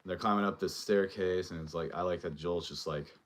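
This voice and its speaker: A man's voice: deep voice, fairly even intonation, a little fast. A male show host giving a casual, rambling recap and review of a TV episode, full of fillers as he retells scenes.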